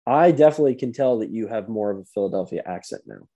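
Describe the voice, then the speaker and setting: A man's voice: on the low side, lively intonation, quick pace, dark tone, dull audio. A young man co-hosting a podcast over a remote call, chatting casually, laughing easily and restarting his sentences. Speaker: podcast co-host. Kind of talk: casual chat.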